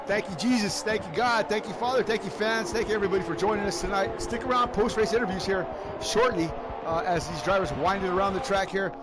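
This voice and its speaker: A man commentating a sim-racing league live and interviewing drivers afterward, excitable and whooping, calling everyone "man" and "baby". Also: sits high, quick pace, very noisy. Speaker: race commentator and league host.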